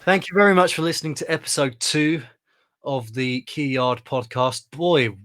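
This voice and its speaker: A man's voice: on the high side, moderate pace, fairly bright tone. A man from England co-hosting a podcast in casual, jokey chat while wrapping up an episode. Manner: chatty, jokey sign-off banter. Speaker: podcast co-host.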